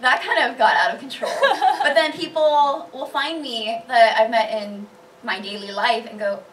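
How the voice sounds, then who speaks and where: Bubbly high-voiced woman, distant mic. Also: moderate pace, noisy background. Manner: bubbly, laughs often, animated storytelling. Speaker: cosplayer panelist. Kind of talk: casual panel chat. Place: convention panel room.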